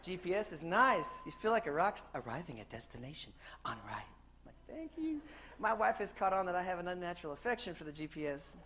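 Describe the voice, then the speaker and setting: A man from the United States giving a conference keynote in a lively, joking storytelling way, asking the crowd questions. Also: high voice, fast talker, hardly any pauses, slight background noise. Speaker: keynote speaker. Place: conference hall stage.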